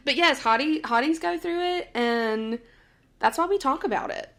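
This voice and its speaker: This young woman sits at a slightly higher pitch than most women and co-hosts a chatty podcast. She talks in an animated way, laughs often and slips into little voices when she retells conversations. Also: moderate pace. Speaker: podcast co-host. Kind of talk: casual chat.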